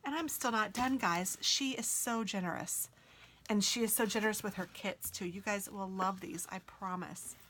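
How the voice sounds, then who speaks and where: Gushing excitable woman unboxing stickers. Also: medium pitch, moderate pace, a little hiss or hum. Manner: gushing and excitable, drops into soft whispers. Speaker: planner sticker vlogger. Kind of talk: casual unboxing chat.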